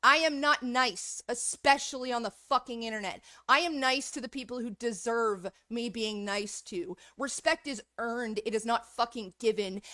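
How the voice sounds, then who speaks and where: A woman's voice: a little high, a bit bright, no echo, clean studio sound. A woman streamer in a heated, profanity-filled rant, angry throughout. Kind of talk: livestream rant.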